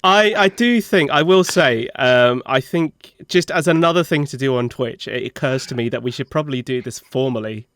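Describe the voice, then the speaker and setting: A man who produces the show talks casually over a call. His manner is dry and measured, with hesitant starts. His mid-range voice sounds dry and close. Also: mid-range voice, fairly bright tone, dry recording. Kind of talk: casual chat on a video call.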